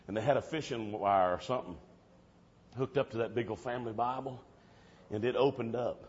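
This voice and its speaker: A man preaching a storytelling sermon, swinging from hushed tones to shouting. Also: mid-range voice, moderate pace, breathy edge, highs cut off.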